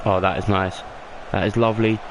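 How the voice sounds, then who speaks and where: A young man commentates on his own video game football match, in a lowish voice that climbs with excitement at the big moments. His casual play-by-play comes through a home recording with plain background noise. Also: a little fast. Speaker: gaming YouTuber. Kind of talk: mock football commentary over gameplay.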